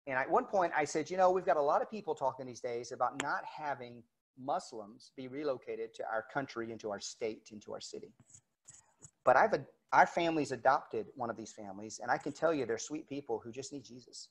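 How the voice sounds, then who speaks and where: A man's voice: medium pitch, fairly quick, husky. A middle-aged male pastor telling a story in a casual, conversational sermon, acting out back-and-forth dialogue as he goes. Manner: conversational, retells dialogue with quotes. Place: church sanctuary, recorded for online service.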